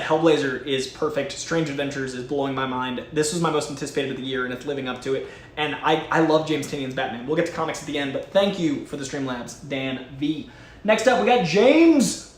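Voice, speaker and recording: A man's voice: a little high, fairly bright tone, echoey room, slight background noise. A man hosting a casual live stream, chatting with enthusiasm and reading viewer messages aloud. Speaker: host. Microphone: studio mic.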